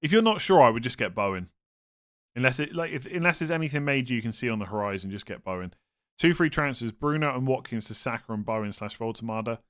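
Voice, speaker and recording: Young male streamer, mid-range voice, relaxed chat-reading delivery with self-deprecating jokes. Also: mid-range voice, quick pace. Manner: thinks aloud, reads chat, self-mocking humor. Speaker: streamer answering viewer questions. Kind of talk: casual live stream chat.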